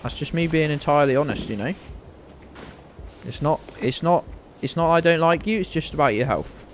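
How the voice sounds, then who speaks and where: A man's voice: on the high side, animated, normal speed, a little hiss or hum. A British man giving casual, sarcastic and sweary commentary while streaming a video game. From Britain.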